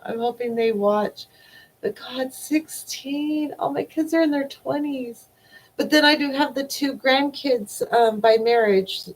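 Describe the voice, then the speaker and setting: Woman, forties, unhurried live stream chat, rambling, emotional, trailing off. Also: sits high, rough recording. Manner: rambling, emotional, trails off with repeated "I don't know". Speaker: livestream host.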